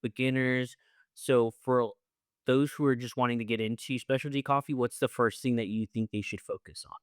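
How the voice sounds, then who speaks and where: A man's voice: medium pitch, steady tone, normal speed, clear, resonant tone, no room sound, clean studio sound. A man interviewing for a podcast, asking short, plain questions.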